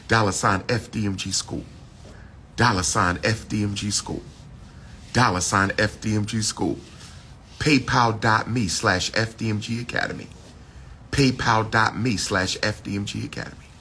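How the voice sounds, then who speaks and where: A man's voice: lowish voice, normal speed, pushed and bright, slight background noise. A man hosting a casual livestream monologue, playful and repeating himself to build hype. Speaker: livestream host.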